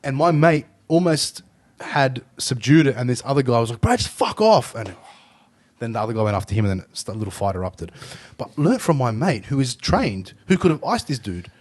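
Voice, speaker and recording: An Australian man hosting a podcast, chatting casually and telling animated stories, swearing freely. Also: mid-range voice, a little fast. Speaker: podcast host. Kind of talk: casual chat.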